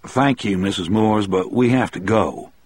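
Man reading a courteous, firm prison guard: deep, husky, dry close recording. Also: measured pace. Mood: polite.

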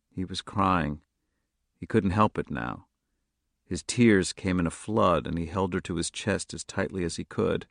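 A man narrating a novel in a steady, measured audiobook reading, close to the mic. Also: low voice, creaky, dry recording. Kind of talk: scripted narration.

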